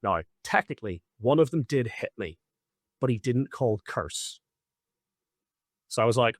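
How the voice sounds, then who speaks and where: A man hosting a podcast, recounting events in an animated, casual way with lots of fillers and swearing. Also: mid-range voice, a little slow, long pauses, no echo, studio quality. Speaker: podcast host. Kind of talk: casual storytelling.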